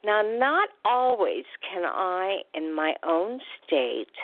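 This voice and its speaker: A woman's voice: lowish voice, very animated, slow, no echo. A woman hosting a radio talk show as a recovery coach, chatty and upbeat, with casual fillers. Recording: tinny phone-line sound, dry.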